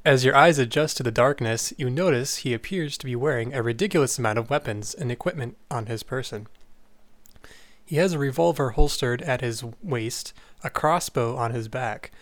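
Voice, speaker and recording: A man's voice: medium pitch, no room sound. A man reading a game's story text aloud and laying out the dialogue choices for his friends. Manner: reads narration plainly, then lists options. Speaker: player reading the game aloud.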